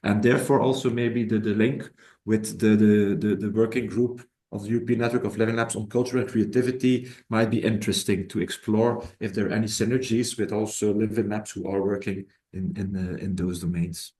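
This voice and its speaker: A fairly low-voiced man answers a question at an online workshop. He talks hesitantly and repeats words while he works out his point. His voice sits in a roomy, echoing space. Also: steady tone, a little fast, warm tone. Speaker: workshop presenter on living labs.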